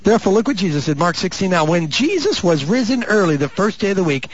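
Fervent preacher man with a wide-swinging pitch. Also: very animated, a little fast, slightly rough, no echo. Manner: rising to fervent, stretched-out shouts; dramatic, with mock voices and asides. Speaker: pastor. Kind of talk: sermon. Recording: muffled lo-fi recording.

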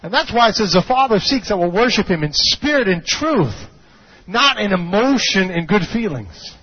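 A man preaching a sermon as pastor, swinging from hushed low passages to shouted peaks and calling out to the congregation for amens. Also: big pitch swings, normal speed, slightly rough. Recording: dull lo-fi recording.

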